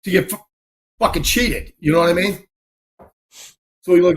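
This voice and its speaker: A fairly high-voiced man chats casually. He tells his story with animated energy and slips into shouted calls and other people's voices as he goes. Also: a little fast, long pauses. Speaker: podcast host.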